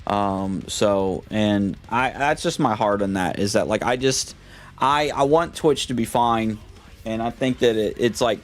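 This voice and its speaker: Rambling man chatting on a live stream. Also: medium pitch. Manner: rambling, repeats words and restarts. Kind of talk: casual live-stream chat.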